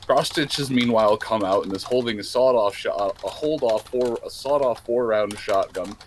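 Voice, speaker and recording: A man with a fairly low voice narrates a tabletop role-playing game as game master. He describes the scene loosely, with quick restarts. A faint hiss sits under the recording. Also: rough recording.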